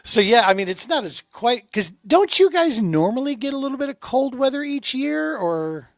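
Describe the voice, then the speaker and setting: A middle-aged man hosting a podcast, talking in a relaxed, rambling way and calling his guest "dude" and "man". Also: very high-pitched, normal speed, no echo, clean studio sound. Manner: laid-back, rambling, says dude and man often. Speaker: podcast host. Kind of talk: casual interview chat.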